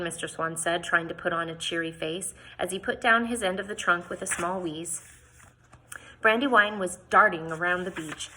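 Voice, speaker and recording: A woman reading a novel aloud informally, expressive and lifting her voice for quoted lines, with small slips and restarts. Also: lowish voice, a little hiss or hum, poor audio.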